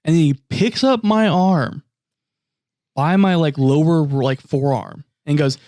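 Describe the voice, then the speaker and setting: A man's voice: a little high, slow, darkish tone, dry recording. A man co-hosting a podcast in loose, casual chat. He is profane and exasperated and mimics the people who bother him. The recording is dry and close. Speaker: podcast co-host.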